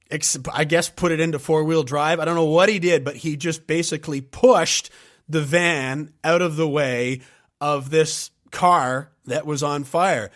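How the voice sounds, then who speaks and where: A man hosting a podcast who tells a story in a relaxed, anecdotal way and chuckles as he goes. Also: a little high. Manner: relaxed, anecdotal, laughs while telling. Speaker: podcast host.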